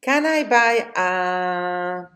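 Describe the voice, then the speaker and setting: A woman with a Spanish accent teaching English vocabulary, slowly reading questions and answers in drills. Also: on the low side, expressive, fairly bright tone, soft background music. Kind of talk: slow vocabulary lesson.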